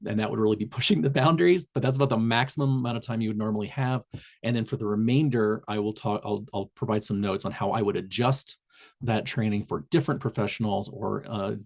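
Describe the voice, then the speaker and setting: Southern indiana guy on a webinar call, low gravelly husky voice, rambles with lots of uhs. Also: fairly even intonation, fast. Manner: loose, rambling with many fillers and restarts. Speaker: public health trainer. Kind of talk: webinar presentation. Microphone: video call.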